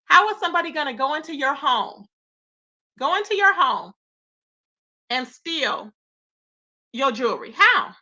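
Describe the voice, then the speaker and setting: Bright, high-voiced woman dishing gossip. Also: unhurried, long pauses, lo-fi sound. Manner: incredulous, animated, rhetorical questions. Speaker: commentary channel host. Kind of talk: live gossip commentary, reading chat.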